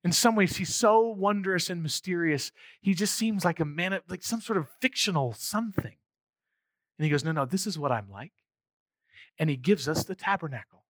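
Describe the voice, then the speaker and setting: A man preaching a sermon to his congregation. His delivery is animated, and he rises to near-shouts for emphasis. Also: high-pitched, moderate pace, no room sound. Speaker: pastor.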